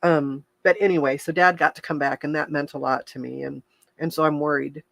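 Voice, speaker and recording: Talking casually to her livestream audience, a health coach speaks frankly and chattily, frequently restarting sentences and laughing through tears. Her voice sits low and gravelly, fairly quick with fairly even intonation, and there's no echo.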